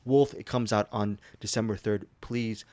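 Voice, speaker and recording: A man's voice: lowish voice, fairly even intonation, moderate pace, darkish tone, no echo. A man hosting a casual podcast chat, teasing his co-hosts with playful mock outrage. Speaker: podcast host.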